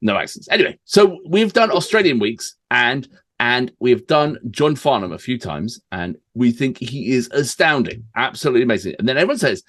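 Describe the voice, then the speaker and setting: Husky English man, lively voice. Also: medium pitch, moderate pace. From England. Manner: laughs easily, rambling, self-correcting. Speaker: reaction video co-host. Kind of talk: casual banter.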